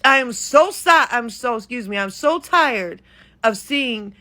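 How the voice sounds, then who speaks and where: High, bright-voiced woman ranting heatedly. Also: expressive, measured pace. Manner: profane, exasperated, heated. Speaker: content creator. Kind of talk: ranting reaction commentary.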